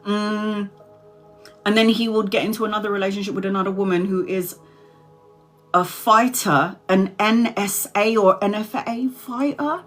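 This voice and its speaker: A woman's voice: mid-range voice, moderate pace, fairly bright tone, faint music behind. Chatty, swearing tarot-reader woman. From Brazil. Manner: chatty, swears casually, laughs often mid-sentence. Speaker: tarot reader hosting a live stream. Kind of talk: casual live-stream chat.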